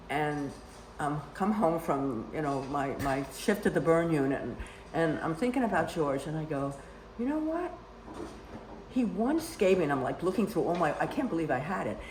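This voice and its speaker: A woman's voice: low voice, a little hiss or hum. An older woman telling long, rambling personal stories in casual conversation, with many "you know" asides. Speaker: storyteller guest. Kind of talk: casual storytelling. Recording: roomy echo.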